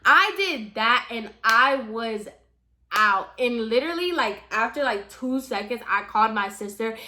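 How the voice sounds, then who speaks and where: A woman vlogger tells a story in a casual, chatty way, full of "like" and direct asides to her viewers. Her voice sits a little high and sounds bright and forceful. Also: lively intonation, unhurried. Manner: chatty, heavy use of "like", addresses viewers directly.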